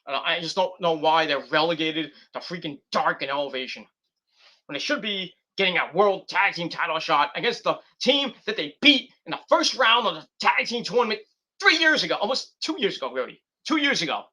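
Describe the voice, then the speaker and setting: A man's voice: fairly high pitch, very animated, brisk, bright, forceful tone. A man giving a rambling, profane and exasperated review of a wrestling show. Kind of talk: casual rant review.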